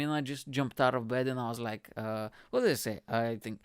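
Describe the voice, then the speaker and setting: A man's voice: medium pitch, steady tone, quick pace, hardly any pauses, smooth, no echo, clean studio sound. A young man from Bulgaria, a comedian hosting his own podcast, telling a story in a loose, slangy way full of "like" and "bro". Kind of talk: casual storytelling monologue.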